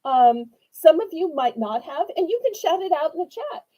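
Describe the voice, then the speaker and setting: Woman hosting a live sale, high, sweet and chatty, mellow tone. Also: moderate pace, rough recording. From New Orleans, Louisiana. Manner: sweet, chatty, animated and eager to please. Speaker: live auction seller. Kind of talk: live-stream sales chat.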